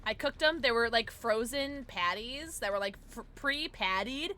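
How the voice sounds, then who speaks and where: A tipsy woman livestreaming a game, chatting casually with her viewers, giggling and breaking into loud squeals and shouts. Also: on the high side, a little slow, slight background noise. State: tipsy from drinking. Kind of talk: casual livestream chat while gaming.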